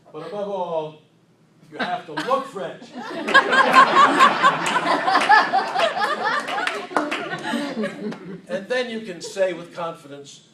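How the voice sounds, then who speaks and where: A man giving a humorous contest speech to an audience in a hall, playful and self-mocking, with unhurried comic timing. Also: extremely high pitch, wildly swooping pitch, over a noisy crowd. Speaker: contest speaker. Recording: echoey hall, distant mic.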